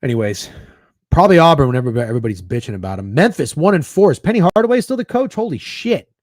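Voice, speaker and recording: Profane rambling man, lively pitch. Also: rapid-fire, no echo, studio quality. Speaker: sports betting stream host. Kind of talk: casual livestream chat.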